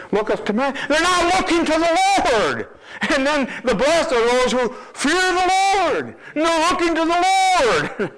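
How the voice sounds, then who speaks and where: High-voiced, lively male preacher. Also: low-quality recording. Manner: emphatic, reads scripture aloud, repeats words. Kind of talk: sermon.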